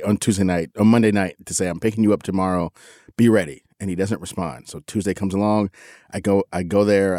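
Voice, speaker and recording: A man's voice: low-pitched, mellow, dry recording, clean studio sound. A middle-aged man casually telling a personal story as a podcast co-host, candid and self-critical, rambling with restarts.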